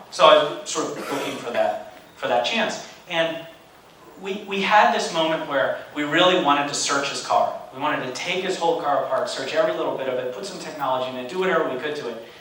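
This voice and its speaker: A man's voice: medium pitch, a little hiss or hum. Man telling stories in an echoey hall. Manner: animated, conversational, wry humor. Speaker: guest lecturer. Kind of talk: storytelling lecture. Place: large university lecture hall. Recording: echoey hall, distant mic.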